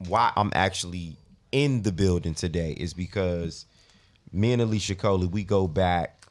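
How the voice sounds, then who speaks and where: A middle-aged man chatting casually as a podcast guest, relaxed and often repeating his words. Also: sits low, moderate pace. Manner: laid-back, repeats himself while speaking.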